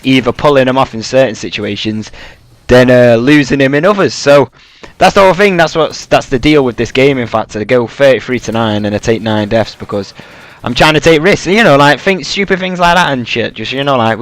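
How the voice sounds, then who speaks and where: A young man talks over his gameplay in a loose, rambling way, dropping swear words and fillers. His voice sits at an ordinary middle pitch. The sound is dry and close, with no room echo. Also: a bit bright. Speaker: gaming YouTuber. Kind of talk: casual gameplay commentary.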